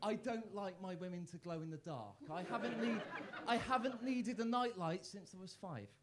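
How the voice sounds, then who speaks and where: Stammering stand-up with loud punchlines. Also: male voice, sits high, moderate pace, noisy background. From Worcester, England. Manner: self-mocking, stammering restarts, bursts of loud punchlines. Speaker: stand-up comedian. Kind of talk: live stand-up set. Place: comedy club stage.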